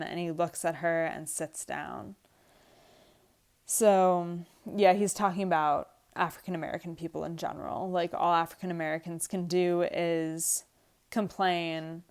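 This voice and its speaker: A woman's voice: on the low side, clear, resonant tone. A woman English teacher reading a play aloud to her class and explaining the lines in plain, casual words.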